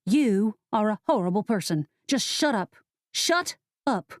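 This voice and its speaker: A woman narrator voicing an angry young witch heroine in an audiobook, sharp and indignant. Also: mid-range voice, sing-song, slow pace, no room sound, clean studio sound.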